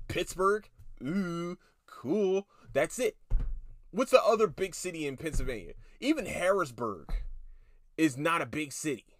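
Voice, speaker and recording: A man hosts a casual podcast, rambling loosely and cursing freely as he reviews shows. His voice sits fairly high for a man. The sound is dry and close, with no room echo. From Philadelphia, USA. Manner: rambling, profane, self-interrupting. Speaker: podcast host.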